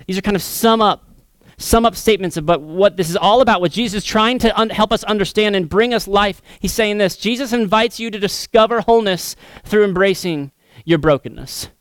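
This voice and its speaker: A pastor preaching a sermon in an earnest manner, swinging between emphatic, raised passages and soft, hushed ones. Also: male voice, fairly high pitch, no room sound.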